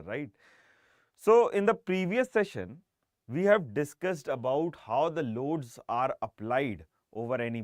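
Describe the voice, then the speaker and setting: Brief Indian English male lecturer, mid pitch, dry close recording, emphatic classroom delivery punctuated by "okay?". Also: no room sound. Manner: emphatic teacher, frequent checking "right?" and "okay?". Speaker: engineering exam lecturer.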